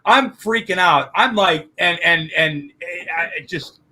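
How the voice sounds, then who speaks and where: A man's voice: high voice, measured pace, bright, forceful tone, poor audio. A man chatting as a guest, telling rambling, profane stories with lots of restarts. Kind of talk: casual podcast chat.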